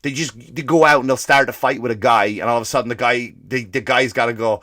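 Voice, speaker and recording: A man's voice: medium pitch, quick pace, hardly any pauses, no room sound. Profane ranting male comedian. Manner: profane, animated ranting with mimicked quotes. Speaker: comedian, podcast host. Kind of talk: comedic rant.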